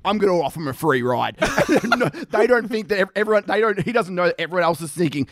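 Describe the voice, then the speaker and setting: A man's voice: high voice, animated, quick pace, fairly bright tone, dry recording, studio quality. A young man, bantering and joking in a casual podcast chat, swearing and laughing often. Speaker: podcast co-host.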